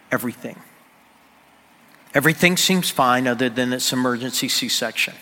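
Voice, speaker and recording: A pastor telling a personal story in a sermon, sometimes dropping to a near-whisper at the emotional moments. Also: male voice, medium pitch, moderate pace, pauses often, sharp tone, a little hiss or hum. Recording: long hall reverb.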